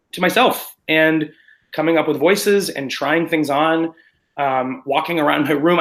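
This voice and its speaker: A man, a stage actor, chatting in an interview in an animated, self-deprecating, rambling way. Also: a little high, poor audio. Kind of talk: casual interview chat.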